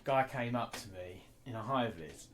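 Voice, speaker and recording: Guy, lowish voice, swears a lot, tells stories fast and blunt, bit of faint room hum. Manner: blunt, swears freely, animated storytelling. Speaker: guest artist. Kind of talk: candid casual interview.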